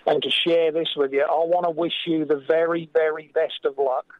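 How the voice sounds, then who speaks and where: An English man calls in to a talk radio show, his voice sitting a touch high and coming through a thin, phone-like line. He speaks earnestly and with deep feeling, and the audio is dry and close. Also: flat delivery, no room sound. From England. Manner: earnest, impassioned, slows when emotional. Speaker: caller. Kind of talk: call-in radio.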